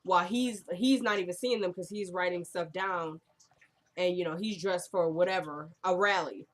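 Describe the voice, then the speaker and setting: A woman's voice: lowish voice, normal speed. Chatty woman recapping a TV episode. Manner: chatty, many fillers, acts out characters' lines in quotes. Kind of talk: casual TV recap retelling scenes.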